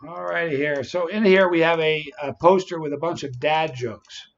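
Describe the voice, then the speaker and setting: A man's voice: on the high side, normal speed, lo-fi sound. A man hosting a casual livestream, chatting and greeting viewers by name. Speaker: livestream host.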